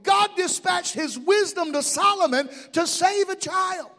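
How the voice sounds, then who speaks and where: A man's voice: very high-pitched, measured pace, pushed and bright. A middle-aged man pastor preaching a sermon in a church, impassioned, with call-and-response asides. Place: church sanctuary. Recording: long hall reverb.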